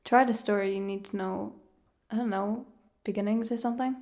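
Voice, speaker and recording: A woman voicing an eager but unsure young female friend in an animated film. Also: mid-range voice, fairly quick, lightly acted. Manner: hesitant and eager.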